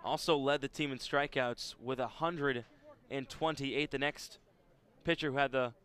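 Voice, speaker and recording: A man giving baseball color commentary, casual and quick to cite player stats. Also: medium pitch, steady tone, a bit bright, smooth.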